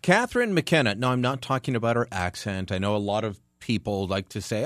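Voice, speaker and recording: Animated sarcastic male radio host. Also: mid-range voice, brisk, few pauses, dry recording, studio quality. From Canada. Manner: emphatic, sarcastic, lively delivery. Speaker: radio talk show host. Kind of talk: opinionated radio commentary.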